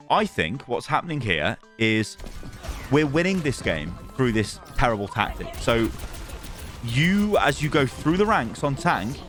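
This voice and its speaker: A man's voice: medium pitch, a bit bright. A man reviewing gameplay replays as a coach, exasperated and firing off repeated rhetorical questions.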